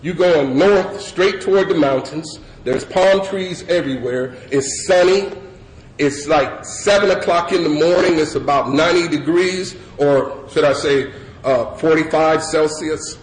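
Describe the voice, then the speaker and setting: A middle-aged man telling his story to a recovery meeting in loose, animated talk full of "you know" and "man". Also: on the high side, unhurried. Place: meeting hall with an audience. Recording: echoey room with audience and background noise.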